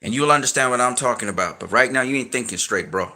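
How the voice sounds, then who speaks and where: Quick and sharp-toned, a man with a mid-range voice rants without a script to his viewers as an online commentator. He lectures and warns them bluntly, cursing heavily in emphatic slang, and becomes increasingly heated.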